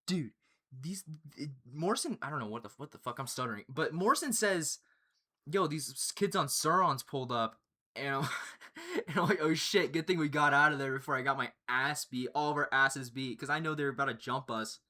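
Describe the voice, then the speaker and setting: Lively, bright-voiced young man telling a story. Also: mid-range voice, a little fast. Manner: excitable, profane, laughs between lines. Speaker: storyteller, channel host. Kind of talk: casual storytime chat.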